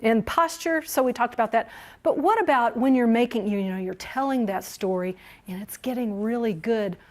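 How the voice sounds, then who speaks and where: A woman leading a training workshop for museum guides, lively and encouraging, who laughs often as she teaches. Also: a little high, moderate pace.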